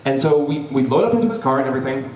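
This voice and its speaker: A young man telling a personal story live before an audience, lively and joking, with frequent "right?" asides to the crowd. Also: medium pitch, racing. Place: event hall before an audience. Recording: roomy hall, voice from a distance.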